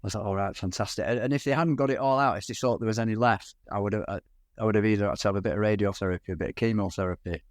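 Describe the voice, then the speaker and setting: A man's voice: lowish voice, steady tone, very fast, no echo. Cornish man, middle-aged, podcast guest; candid storyteller, dry close sound. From England. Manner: candid, frequent restarts and quoted dialogue. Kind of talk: conversational storytelling.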